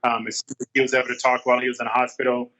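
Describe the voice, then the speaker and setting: A man's voice: mid-range voice, flat delivery, rapid-fire, a bit bright, poor audio. A man telling a personal story in a candid interview, earnest and repeating his phrases as he quotes past conversations. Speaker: guest.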